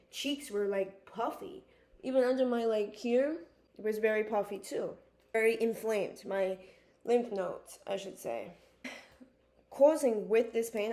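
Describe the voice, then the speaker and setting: This young woman's medium-pitched, slightly mellow voice carries an echo from the room as she confides to the camera. Emotional and earnest, she talks about her personal struggles, repeating herself, restarting often, and leaning on fillers like "like."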